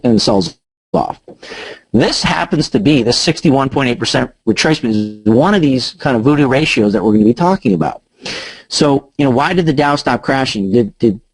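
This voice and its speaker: A man's voice: medium pitch, no echo, low-quality recording. A man presenting a casual live trading webinar from his home office. He talks informally, with lots of fillers and restarts.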